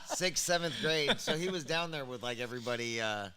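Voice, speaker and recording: A man's voice: mid-range voice, lively intonation, brisk, crowd noise. A man telling a childhood story in casual chat, laughing through it and acting out what people said. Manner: laughs through his story, acts out quoted dialogue.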